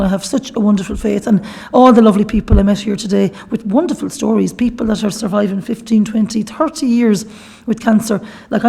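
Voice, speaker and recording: A woman's voice: mid-range voice, gravelly, warm tone. A middle-aged Irish woman from Galway giving a personal testimony talk at a shrine workshop, chatty and storytelling, acting out the dialogue she quotes. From Ireland. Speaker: guest speaker.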